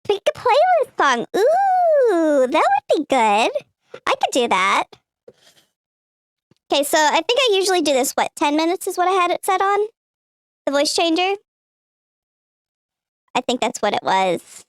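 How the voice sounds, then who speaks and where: A woman's voice: big pitch swings, unhurried, pauses often, dry recording, exaggerated voice. A woman streamer talking through a voice changer set to a cutesy uwu voice, bubbly and rambling. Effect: pitched-up voice changer.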